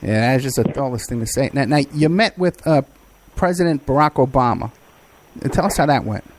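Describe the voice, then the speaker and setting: A man's voice: mid-range voice, expressive, brisk, a little hiss or hum. A male host interviewing a guest, asking stacked follow-up questions.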